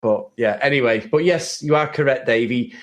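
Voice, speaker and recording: A man's voice: mid-range voice, moderate pace. A man co-hosting a casual chat about an old film, talking freely with many restarts and frequent laughs. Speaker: podcast co-host.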